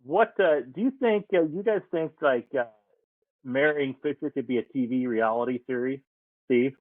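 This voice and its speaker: A man's voice: medium pitch, moderate pace, dry recording. A man hosting a podcast, folksy and joking as he asks questions, with lots of fillers. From ranch in the Nebraska Sandhills. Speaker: podcast host. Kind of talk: casual podcast chat. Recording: tinny phone-like line, dry.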